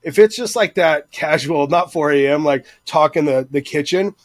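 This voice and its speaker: A man's voice: fairly high pitch, moderate pace, dry recording. A man talking in a casual podcast chat, profane and rambling, with bursts of intensity.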